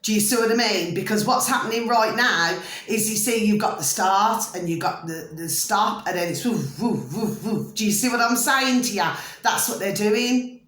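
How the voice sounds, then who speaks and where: A woman's voice: medium pitch, moderate pace, a bit bright. Rambling woman in an echoey room. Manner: rambling, repeatedly asks "do you see what I mean". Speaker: vlogger. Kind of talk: casual monologue to camera.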